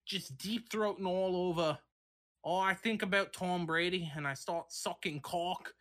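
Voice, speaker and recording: A man improvising a crude pharmacy-owner pitchman in a commercial, his drifting between Boston and Australian as he rambles and stumbles. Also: steady tone, unhurried, fairly bright tone. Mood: hammy pitch. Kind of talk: improvised comedy bit.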